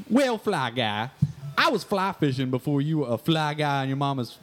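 A man's voice: fairly high pitch, expressive, normal speed, over music, lightly acted. A man voicing a grizzled Southern fisherman and scheming entrepreneur with a drawling, self-important manner, in a comedy podcast sketch. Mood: rambling.

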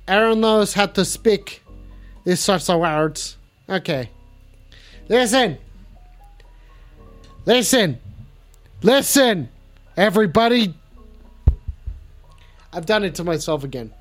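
A man's voice: sits high, expressive, normal speed, faint music behind. Man in a put-on French accent. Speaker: call-in show host. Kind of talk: live call-in chat.

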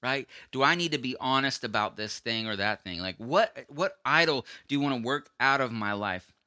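Sharp-toned man preaching conversationally. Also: mid-range voice, expressive, moderate pace, no echo, studio quality. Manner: earnest, acts out quoted voices, frequent restarts. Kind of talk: conversational sermon.

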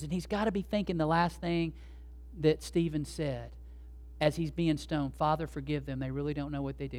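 Man preaching a lively sermon. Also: a little high. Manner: storytelling, acting out quoted people, rising to loud emphasis. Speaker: pastor.

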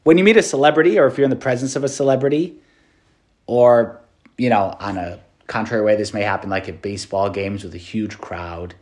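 In a chatty, lively preached meditation full of fillers, a Catholic priest talks in a fairly low male voice at a rather quick clip.

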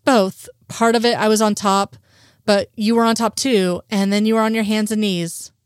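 A woman reading the lines of a sheepish, hesitant male agent in a storybook reading, halting and sighing as she speaks. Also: mid-range voice, fairly even intonation, smooth, dry recording, studio quality, lightly acted.

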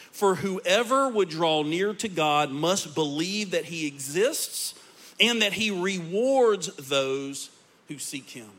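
A man's voice: high-pitched, a bit bright. A man preaching a sermon as a pastor, telling a personal story and building to passionate peaks. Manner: preaching with rising intensity.

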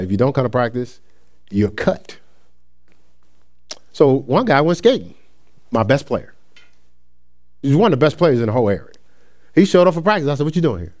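A middle-aged man teaching a Bible study class in a conversational way, reading scripture and then explaining it with stories from his own life. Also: medium pitch. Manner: restarts sentences and asks listeners "right?".

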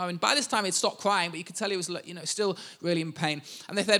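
A man's voice: high voice, fairly even intonation, quick pace, few pauses, bright, forceful tone. A man in his thirties, a pastor, preaching a sermon and telling family stories with self-deprecating humor.

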